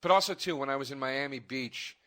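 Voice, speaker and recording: A man's voice: mid-range voice, brisk, bright, forceful tone. A man guesting on a casual comedy chat, telling profane, annoyed stories. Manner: profane, storytelling, easily annoyed.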